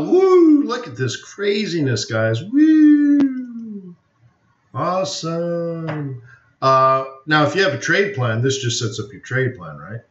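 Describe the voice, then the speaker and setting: A man with a sharp-toned, medium-pitched voice hosts a live forex webinar in roomy, dull lo-fi stream audio. He rambles casually, tossing out opinions and jokes with many fillers.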